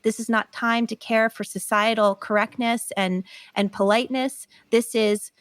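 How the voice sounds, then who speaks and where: A woman guest on a podcast, explaining a healing method in an earnest, animated way. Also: fairly high pitch, normal speed, no echo. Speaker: guest, pain recovery author. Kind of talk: podcast interview.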